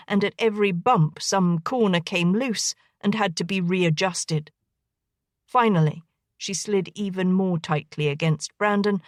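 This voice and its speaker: Lady narrating an audiobook, even and gentle, mid pitch, super dry close mic. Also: dry recording. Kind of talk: scripted narration.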